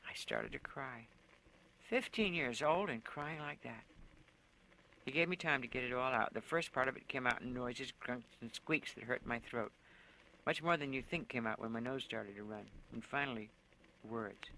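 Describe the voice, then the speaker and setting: A man reading his own story aloud, with a bright, clear, forward voice. He tells it plainly, leaning into the slangy voice of a tough teenage narrator. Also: medium pitch, normal speed, rough recording.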